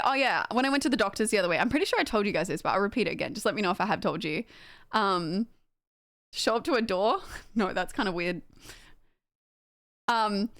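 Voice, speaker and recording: A woman's voice: medium pitch, a bit bright. A young woman, livestreaming and chatting casually with her viewers, rambling with lots of fillers and laughter. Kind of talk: casual chat with stream chat.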